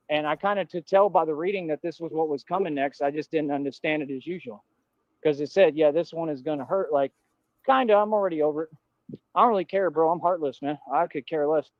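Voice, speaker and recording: A man's voice: fairly high pitch, dry recording, lo-fi sound. A man delivering a defiant, repetitive livestream rant in casual street slang. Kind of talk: ranting livestream monologue.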